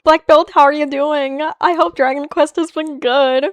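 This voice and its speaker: High-voiced, animated woman streamer. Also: no echo. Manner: animated, swearing, quick laughs, playful banter. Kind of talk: casual live-stream chat reading viewer comments.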